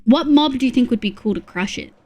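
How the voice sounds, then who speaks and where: A woman's voice: on the high side, expressive, fast, mellow, soft background music. A woman from Australia streaming a game, counting items under her breath between chatty asides to her viewers. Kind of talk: casual gameplay chat with chat readers.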